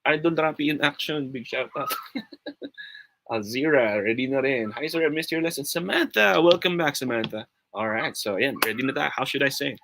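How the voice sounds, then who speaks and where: A man with a Filipino accent runs an upbeat live-streamed English pronunciation lesson, switching between English and Tagalog and reading out viewer comments. His voice is medium-pitched, creaky, and fairly bright with lively intonation at normal speed, and the audio is poor with slight background noise.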